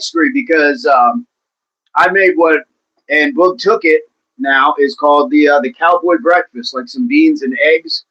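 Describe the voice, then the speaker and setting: A man hosts a casual livestream, reading his chat and answering viewers by name in a talkative, encouraging way. His voice is bright and sits a little high, and the stream audio is dull and lo-fi.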